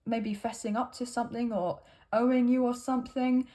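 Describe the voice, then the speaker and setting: Chatty lady doing a tarot reading, rambly, lots of um and right, voice sits a bit high. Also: fairly even intonation, moderate pace, mellow. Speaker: tarot reader. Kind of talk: casual tarot reading to camera.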